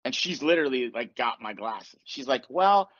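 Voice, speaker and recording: In casual chat, a podcast host tells a story, animated and swearing as he acts out what people said. His voice is medium-pitched at a normal speed, and the sound is lo-fi.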